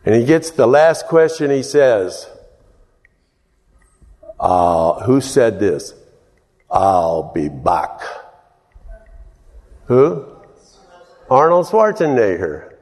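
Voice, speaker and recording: Man preaching slow and folksy, laughs along, lots of hall echo around him. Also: mid-range voice, big pitch swings. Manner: folksy storytelling, chuckles, rises to loud exclaims. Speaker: pastor. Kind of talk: sermon. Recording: long hall reverb.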